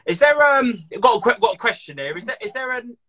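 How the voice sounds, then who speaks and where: Lively bright-voiced host. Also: male voice, very high voice, quick pace. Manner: animated, laughing storyteller who swears freely. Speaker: podcast host. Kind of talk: casual chat.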